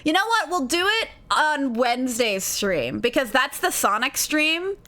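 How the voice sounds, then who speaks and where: Young woman streamer, lively and giggly, bright, swooping voice, faint game music under her. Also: high voice, a little slow. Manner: bubbly, giggly, voices the characters. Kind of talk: live game stream commentary and reading dialogue aloud.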